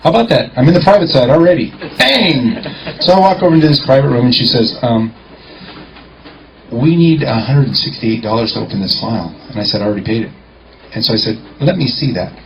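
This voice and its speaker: A man telling a lively courtroom-clerk story in a confident storytelling talk, acting out the dialogue. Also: mid-range voice, brisk, vocal fry, slight background noise. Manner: animated, acts out dialogue, confident. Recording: muffled lo-fi recording.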